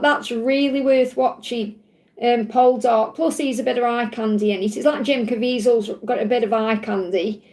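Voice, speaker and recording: A chatty English woman talking fast on a live stream, tumbling from one thought to the next with plenty of ums. Her voice sits a little high for a woman. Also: darkish tone. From England. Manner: fast, chatty, rambling with many fillers. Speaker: livestream host. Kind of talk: casual live chat.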